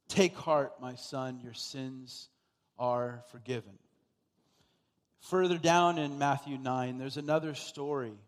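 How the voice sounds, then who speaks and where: A man preaching a sermon as pastor, emphatic and repetitive, building to loud exhortations. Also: fairly high pitch, big-room sound.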